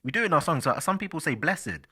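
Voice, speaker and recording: A man's voice: on the high side, lively intonation, very fast, sharp tone, breathy edge. A man hosting a solo podcast, chatting casually and rambling with fillers, speaking directly to his listeners. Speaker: podcast host.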